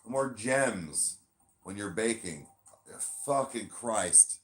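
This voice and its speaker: Man, low voice, casual podcast chat, swears a lot, flips between chirpy and flat. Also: slow pace. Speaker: podcast co-host; bartender.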